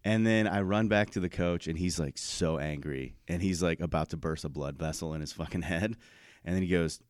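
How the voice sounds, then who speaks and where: A man co-hosting a podcast, telling stories in relaxed casual chat and laughing often. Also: low-pitched, brisk, no echo, clean studio sound. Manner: laid-back, laughs often. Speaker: podcast co-host.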